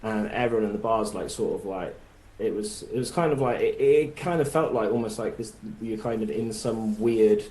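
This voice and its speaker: A man with a Bristol accent talks in a lowish voice as an interview guest. He rambles, leaning on fillers as he goes. The room around him sounds echoey. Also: moderate pace, darkish tone. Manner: rambling, many verbal fillers. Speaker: musician guest. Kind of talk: casual interview chat.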